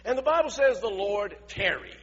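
Husky, high-voiced male preacher. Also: animated, moderate pace, big-room sound, dull audio. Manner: conversational, asks the audience questions. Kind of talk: sermon.

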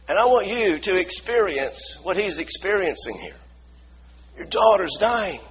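A male pastor preaching a sermon, building from quiet storytelling to shouted praise. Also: sits high, highs cut off, slight background noise.

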